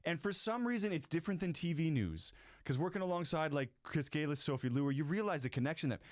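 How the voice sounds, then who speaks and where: A man's voice: fairly high pitch, lively intonation, quick pace, no echo, clean studio sound. A man hosting a casual talk show, blunt and swearing freely while asking probing questions. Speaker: host. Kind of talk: casual interview chat.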